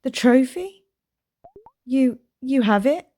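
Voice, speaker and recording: A woman's voice: sits high, lively intonation, takes it slowly, warm tone, voice pushed up, full character voice. A woman voicing a young single mother, pleading and defensive, as she reads game dialogue aloud. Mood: tender.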